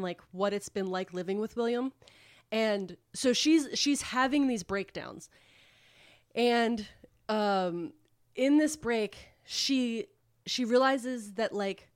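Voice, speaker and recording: Chatty woman retelling a story. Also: on the high side. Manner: rambling, profane retelling with filler words. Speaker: podcast co-host. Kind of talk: casual book recap chat.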